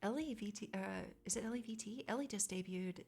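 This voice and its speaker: A woman's voice: mid-range voice, brisk, vocal fry, darkish tone, slightly rough. A woman streamer in casual chat, reading and answering her chat with chatty, squeamish asides.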